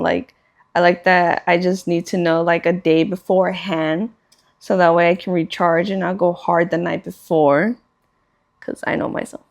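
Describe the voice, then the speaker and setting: A young woman from chats on her podcast in a loose, rambling way. Her voice slides into a gravelly fry at the ends of phrases. She leans on "like" constantly and swears without a second thought. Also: lowish voice. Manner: rambling, heavy use of "like", swears casually. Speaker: podcast co-host. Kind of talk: casual chat.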